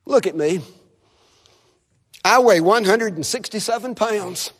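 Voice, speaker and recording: A man preaching at a chapel service as a visiting speaker, animated and calling on the audience to repeat phrases after him. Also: high voice, measured pace, pauses often, breathy edge, long reverb tail. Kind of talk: sermon.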